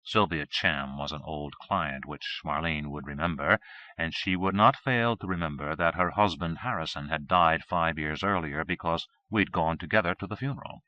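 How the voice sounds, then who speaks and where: A man narrating a first-person novel as an audiobook, with steady, measured reading. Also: extremely low pitch. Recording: dull 1980s cassette recording.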